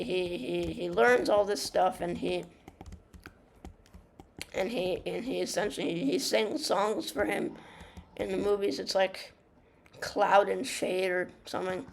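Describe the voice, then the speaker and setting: A woman's voice: mid-range voice, vocal fry, a little hiss or hum. A young woman giving casual gaming commentary, rambling and ranting through a story retelling with many fillers, restarts and swearing. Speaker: gamer.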